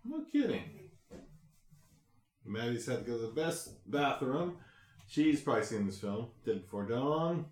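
A man's voice: medium pitch, very animated, unhurried, long pauses, a little mellow. A man hosting a casual podcast, joking around and steering the talk back on track. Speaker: podcast host. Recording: echoey room.

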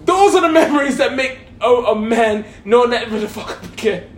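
A man from Hawaii telling a comic story casually, animated and laughing through his words, in a roomy echoing room. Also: extremely high pitch, normal speed, a little hiss or hum.

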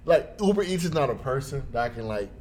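Animated man telling a story. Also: quick pace, a little hiss or hum. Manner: animated, jumps into high voices for quoted people. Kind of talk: casual storytelling chat.

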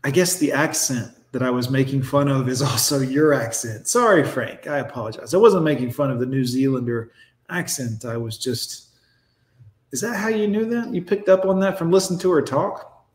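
A man's voice: mid-range voice, animated, moderate pace. A man hosting a reaction video, ranting bluntly and with heavy profanity. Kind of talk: mocking reaction commentary. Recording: roomy echo.

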